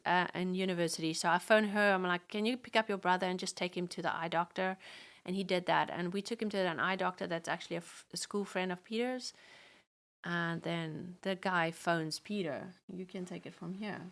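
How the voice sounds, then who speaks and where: A woman's voice: on the low side, moderate pace, a bit bright. Middle-aged woman telling a family story. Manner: acts out quoted dialogue in the story. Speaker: guest sharing a testimony. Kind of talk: storytelling testimony.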